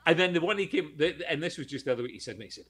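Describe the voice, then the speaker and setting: A man's voice: fairly high pitch, expressive, rapid-fire, crowd noise. A British man telling a showbiz anecdote in casual podcast chat, acting out the voices of people in his story. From United Kingdom.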